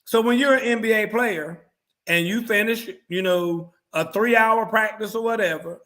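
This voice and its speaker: A man with a high, bright voice rants bluntly through casual sports talk. He curses freely, and he slips into mocking voices for the people he quotes. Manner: blunt, profane, ranting; mimics others in quoted asides. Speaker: show host.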